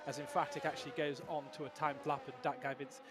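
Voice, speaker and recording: Excitable man calling a sim race. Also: a little high. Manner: excitable, rising on fast laps, some restarts. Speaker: sim racing commentator. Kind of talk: live race commentary.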